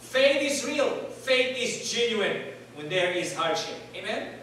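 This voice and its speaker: A man's voice: extremely high pitch, big pitch swings, slow, bright, forceful tone, a little hiss or hum. A male preacher giving a sermon, calling on the congregation to answer back and repeat words. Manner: call-and-response, asks congregation to repeat words. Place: church hall. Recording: echoey hall from far off.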